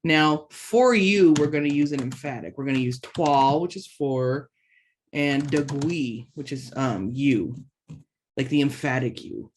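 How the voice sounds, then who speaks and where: A woman teaching an online language lesson, saying each word slowly and twice, and chatting casually between the drills. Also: extremely low pitch. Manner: slow, careful pronunciation drills with repeated words.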